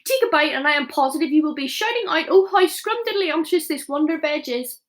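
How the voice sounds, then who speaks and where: A woman voicing a gentle, sly big friendly male giant who talks eagerly in mangled words. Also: sits high, fairly quick, voice pushed up. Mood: coaxing. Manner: lively, eager coaxing in mangled giant talk.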